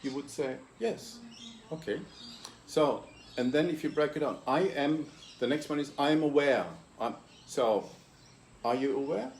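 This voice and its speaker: A man hosting an interview as a consciousness coach, calmly explaining ideas step by step and posing rhetorical questions to the listener. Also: medium pitch, normal speed, a little hiss or hum. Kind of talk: reflective interview talk.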